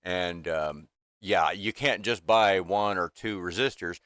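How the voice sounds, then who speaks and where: In a slow, low-sitting voice that's a bit bright, a man in his fifties vents casually to his livestream chat as host. Broadcasting from a small home workshop room, he rambles with many restarts and fillers. The sound is clean and studio-like, without any room sound.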